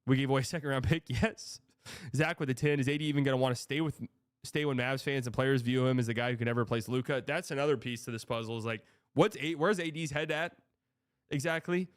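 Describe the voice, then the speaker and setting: A man's voice: medium pitch, quick pace, clear, resonant tone, dry recording, clean studio sound. A young man hosting a casual sports livestream, reading out donations and rambling with exasperated, profane reactions. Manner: exasperated, rambling, swearing, reads donor messages aloud.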